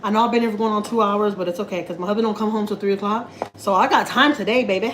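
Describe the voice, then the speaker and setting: Texan woman, live home-kitchen cooking chat, slangy, mid-pitched, recorded on a phone. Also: quick pace, a little hiss or hum, poor audio. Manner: chatty, slangy, laughing asides. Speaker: family vlogger.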